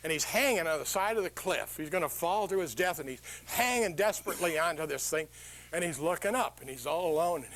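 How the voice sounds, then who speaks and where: A man's voice: fairly high pitch, fairly quick. An older man giving a humorous motivational talk to a live audience, telling stories and asking the crowd questions. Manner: animated storytelling, quizzes the audience with questions. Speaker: motivational speaker.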